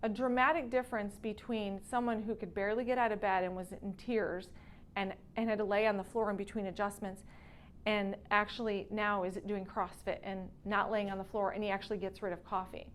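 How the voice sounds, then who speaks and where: A woman's voice: medium pitch, flat delivery, brisk, slight background noise. A woman with a Texan accent, a wellness doctor, talking casually and telling a story, acting out the lines she quotes. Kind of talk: casual talk to patients.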